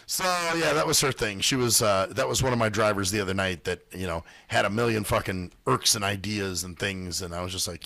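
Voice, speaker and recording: Gravelly, animated man telling stories. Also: medium pitch, no echo. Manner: profane storytelling, mimics other people's voices. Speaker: radio show host. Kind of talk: casual chat.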